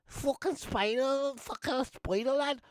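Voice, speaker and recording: A man putting on a high, dragged-out Liverpool accent to imitate a cocky young cage fighter. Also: a little slow, dry recording. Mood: mocking. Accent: put-on Liverpool. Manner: high strained mock voice, dragged out.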